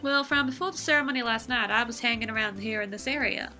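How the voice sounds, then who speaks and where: A woman's voice: sits high, sing-song, brisk, bright, forceful tone, soft background music, voice pushed up, heavily acted. Woman doing a brash country-drawl photographer. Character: loud folksy young female photographer.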